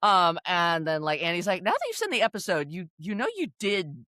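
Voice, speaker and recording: Woman podcast co-host, casual recap chat, lively swooping delivery, dry close sound. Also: fairly low pitch, fairly quick, no room sound. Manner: animated storytelling, acting out quotes, frequent laughs.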